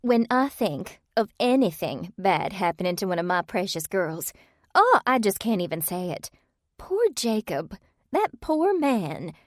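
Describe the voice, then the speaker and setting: Casting: woman narrator voicing an emotional mom, voice lifting high. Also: animated, normal speed, no room sound, studio quality, close to an everyday voice. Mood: tearful. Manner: emotional, doting. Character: warm motherly woman with daughters.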